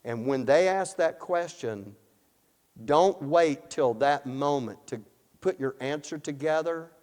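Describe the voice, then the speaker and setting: A man's voice: fairly high pitch, slow pace, darkish tone. A man with a Texan accent teaching a sermon, earnest and storytelling, often repeating words as he restarts. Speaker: Bible teacher. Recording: long reverb in a hall.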